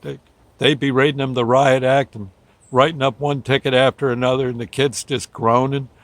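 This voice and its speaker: An older man spins a folksy, rambling story as a show host, chuckling often and quickly voicing the people in it. His voice sits at an ordinary middle pitch. The sound is dry and close, with no room around it. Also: little pitch movement, a bit bright, dry recording. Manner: folksy, rambling, laughs often, acts out quotes. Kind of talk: casual storytelling.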